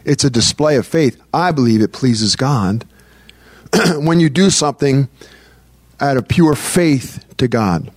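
A man preaching a sermon in a loose, conversational way, often repeating phrases and restarting sentences, and reading scripture slowly. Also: mid-range voice, lively intonation, dry recording.

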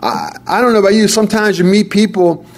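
A man preaching a sermon in a fairly high voice. He leans hard on key phrases, repeats them for weight, and stumbles into quick restarts as he builds his point. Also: fairly even intonation.

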